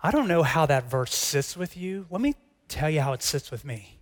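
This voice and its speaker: A middle-aged man preaching a sermon as pastor. He talks in a conversational, earnest way, dropping to soft asides and rising to emphatic questions. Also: a little high, big pitch swings, moderate pace, in a large hall. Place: church hall.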